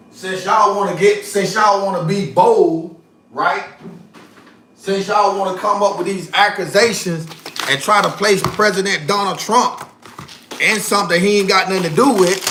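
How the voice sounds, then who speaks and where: Over a noisy background, a man hosts his own livestream and rants heatedly in loose, slangy speech, repeating himself. His voice is high-pitched and unhurried.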